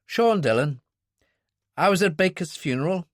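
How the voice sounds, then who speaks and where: A man's voice: a little high, no room sound, pitched above the performer's own voice, lightly acted. A man playing a cool, watchful Irishman. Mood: calm. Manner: calm, measured, dry.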